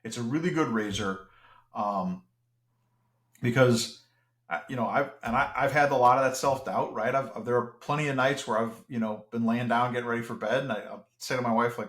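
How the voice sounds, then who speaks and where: A man's voice: medium pitch, moderate pace, a bit bright, reverberant. A man as an interview guest, talking in an earnest, reflective way with frequent restarts. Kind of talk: casual podcast conversation.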